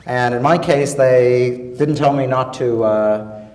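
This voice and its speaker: A man on a public panel telling a story wryly, with many pauses and fillers. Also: medium pitch, darkish tone. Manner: wry, hesitant with many fillers. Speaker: panel guest, scientist. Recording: echoey hall, voice from far off.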